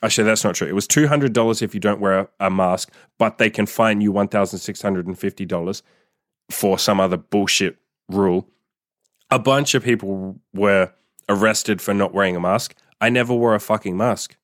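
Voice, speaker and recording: A man's voice: lowish voice, moderate pace, no echo, clean studio sound. A man hosting a podcast, talking in a blunt, profane casual monologue and laughing often. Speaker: podcast host.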